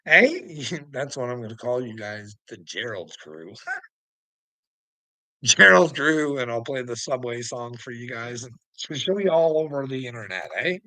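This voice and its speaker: A man's voice: mid-range voice, expressive, normal speed, pushed and bright, dry recording, low-quality recording. A man delivering a profane, taunting rant to the camera, often breaking into laughter. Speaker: online commentator. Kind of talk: ranting monologue to camera.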